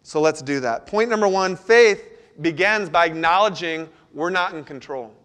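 A middle-aged man with a high-pitched voice preaches a sermon to his congregation. He tells a family story and keeps it conversational, asking the listeners questions as he goes. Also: lively intonation, normal speed, fairly bright tone. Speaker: pastor.

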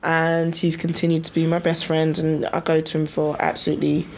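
A woman's voice: sits low, monotone, fairly quick, a little mellow, a little hiss or hum. A woman in her twenties, co-hosting a podcast, chatting casually and reflectively, with some stops and restarts. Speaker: podcast co-host.

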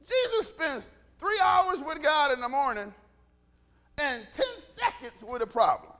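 A middle-aged man preaching a sermon, animated, swinging from quiet asides to shouts and acting out dialogue. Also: very high-pitched, a little slow. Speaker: pastor.

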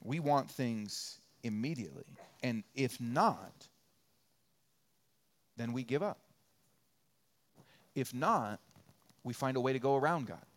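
A man preaching a sermon as pastor, repeating phrases for rhythm and dropping from loud peaks to quiet asides. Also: mid-range voice, lively intonation, slow pace, long pauses. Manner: conversational and joking, acts out little quoted voices.

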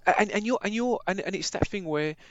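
A man's voice: high voice, fast talker, dry recording. Guy in his 30s rambling on a podcast, lots of restarts, muffled sound. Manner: rambling, many restarts and fillers. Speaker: podcast co-host. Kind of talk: casual chat.

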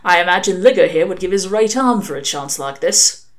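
A woman voicing a cold, malicious senior male demon who speaks with menacing pauses, in a storybook reading. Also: on the low side, animated, close to an everyday voice.

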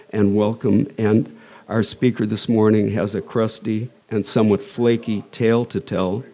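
A man's voice: lowish voice, mellow. A middle-aged American man introducing a guest speaker at a talk, rambling with restarts and joking asides. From United States. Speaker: society president introducing a speaker.

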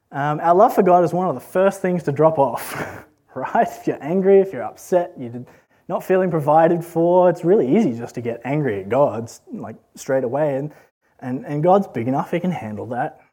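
Aussie guy preaching, kinda husky, slightly high voice, chatty and earnest. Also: animated, normal speed, warm tone. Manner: earnest, conversational, asks rhetorical questions. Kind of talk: sermon.

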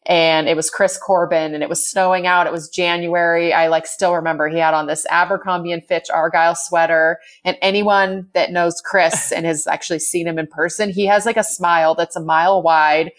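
A woman's voice: fairly low pitch, flat delivery, brisk, hardly any pauses. An American woman in her forties telling a story in a casual chat, laughing often and peppering her talk with "like". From United States. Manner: chatty, laughs often, fills with "like". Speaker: guest.

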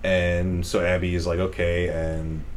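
A young man with a fairly low voice chats casually about a movie, rambling from one thought to the next. He laughs often and swears without a second thought. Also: completely flat delivery, unhurried, slight background noise. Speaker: podcast co-host reviewing a movie. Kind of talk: casual chat.

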